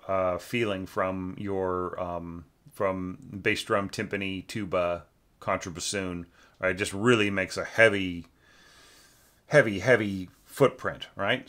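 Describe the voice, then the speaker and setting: A man's voice: fairly low pitch, sharp tone. A man teaching orchestration, giving a rambling, casual critique of a student's score, full of fillers and sung-out rhythms.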